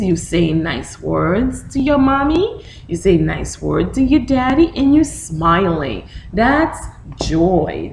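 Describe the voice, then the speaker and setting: In an echoey room, a medium-pitched woman leads storytime for young children, reading a picture book, posing questions, and acting out reactions with animation. The recording is low quality, with slight background noise.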